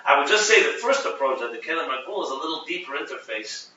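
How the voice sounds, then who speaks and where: A man teaching a Chassidic text class, explaining with animated restarts and Hebrew terms. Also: fairly high pitch, quick pace. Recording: muffled, echoey room, from a distance.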